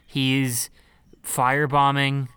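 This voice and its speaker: Guy on a podcast, smooth clear voice, dry close sound, emphatic and sweary. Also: medium pitch, monotone, slow, pushed and bright, no room sound. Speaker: podcast co-host. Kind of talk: casual chat recapping a film.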